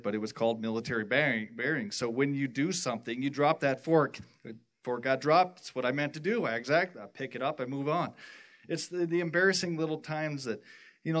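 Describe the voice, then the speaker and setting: A man from the worship team giving a personal testimony at church, rambling and halting with many restarts. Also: mid-range voice, fairly bright tone.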